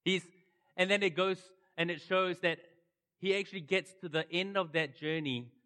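A middle-aged man preaching a sermon and telling the story with animated swings from loud to hushed. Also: high voice, normal speed, in a large hall. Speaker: pastor.

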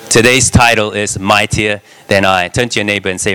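Man, preacher, sermon, bright clear voice, animated, asks the audience questions. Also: fairly low pitch, a little fast, hardly any pauses. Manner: animated, talks to the congregation with frequent "right?".

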